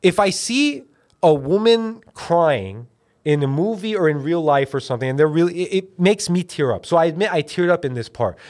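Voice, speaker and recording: Podcast host, young adult man, lively storyteller with a somewhat high, very expressive voice, does goofy voices. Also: moderate pace. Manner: rambling, animated storytelling with silly put-on voices. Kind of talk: casual comedic podcast chat.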